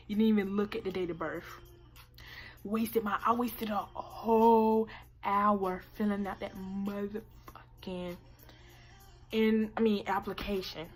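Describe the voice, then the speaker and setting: A teenage woman telling a story to her camera, animated and profane, acting out what people said. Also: mid-range voice. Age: late teens. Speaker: vlogger. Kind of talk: casual storytime vlog. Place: indoor room by natural light.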